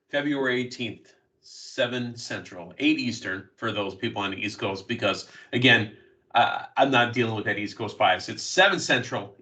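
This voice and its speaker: A man hosting a casual wrestling news podcast, recapping matches in quick play-by-play bursts. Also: mid-range voice, pushed and bright, distant mic. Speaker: podcast host.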